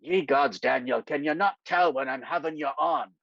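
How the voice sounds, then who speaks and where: A man voicing a dry-witted older politician, gruff and sardonic. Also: fairly high pitch, normal speed, fairly bright tone, no room sound. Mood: wry, teasing. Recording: dry, slightly dull lo-fi sound.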